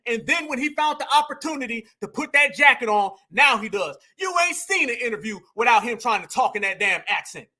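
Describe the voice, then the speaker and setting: Fired-up high-voiced male commentator. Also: animated, brisk, hardly any pauses, pushed and bright. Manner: emphatic, preachy, repeats lines for punch. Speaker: commentary show host.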